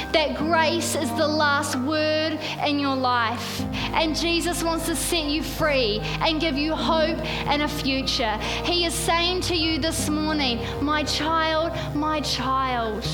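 Woman pastor, high voice, measured unhurried delivery, soft music underneath. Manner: call-and-response with congregation. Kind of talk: sermon. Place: church service.

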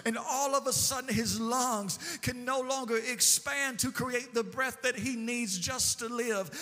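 A man's voice: extremely high pitch, bright, forceful tone, in a large hall. A man preaching a sermon in a sing-song, chanted cadence.

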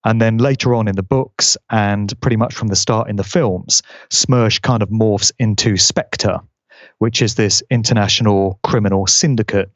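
Low-voiced man, steady explainer, close and dry, slightly muffled lo-fi audio. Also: no echo. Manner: measured, explanatory. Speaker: guest commentator. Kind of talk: conversational commentary. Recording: dull lo-fi audio.

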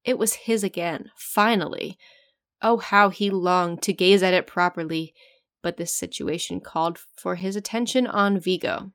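A woman's voice: fairly low pitch, normal speed. Giggly woman reading a story aloud. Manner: giggly, breaks off to joke about the text. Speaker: fan fiction reader.

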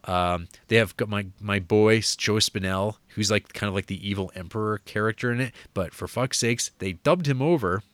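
Man, low voice, rambling casual movie chat, dry room. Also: moderate pace, hardly any pauses, fairly bright tone, no room sound. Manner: rambling, filler-heavy, frequent restarts and "like". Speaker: podcast co-host reviewing movies.

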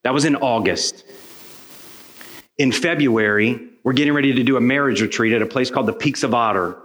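A man's voice: mid-range voice, brisk, a bit bright, low-quality recording. Earnest male pastor telling a story. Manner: earnest, conversational. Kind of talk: sermon storytelling.

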